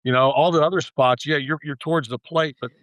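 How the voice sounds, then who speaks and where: A man's voice: a little high, a little fast, dry recording, poor audio. A man in his sixties, a former baseball player and manager, telling rambling stories as a podcast guest. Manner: rambling anecdotal storyteller, animated when retelling arguments. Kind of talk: casual storytelling interview.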